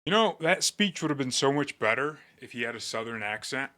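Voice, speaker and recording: Male commentary host, bright forceful tone, sarcastic and joking, casual political talk. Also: mid-range voice, expressive, brisk.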